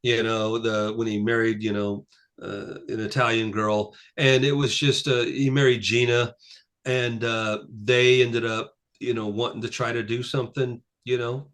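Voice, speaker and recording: A man in his sixties chatting as a guest musician on a casual interview, rambling with many fillers and acting out the people he quotes. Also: normal speed. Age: 60s. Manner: rambling, full of "you know" fillers; acts out quoted people with lively pitch jumps.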